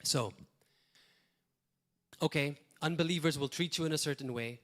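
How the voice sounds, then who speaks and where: A man preaching in a lively, loose and rambling way, now and then slipping into acted-out quotes. His voice sits a little high for a man. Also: moderate pace. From Malta. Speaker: pastor. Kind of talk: sermon.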